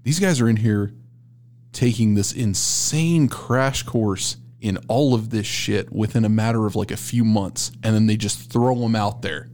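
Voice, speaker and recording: A man's voice: fairly low pitch, unhurried, darkish tone, slight background noise. A young man hosting a casual podcast chat, loose and slangy with emphatic asides. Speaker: podcast host, college student.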